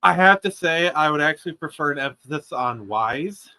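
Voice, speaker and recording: A man co-hosting a casual podcast chat, soft-spoken and halting. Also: fairly high pitch, animated, clean tone. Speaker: co-host.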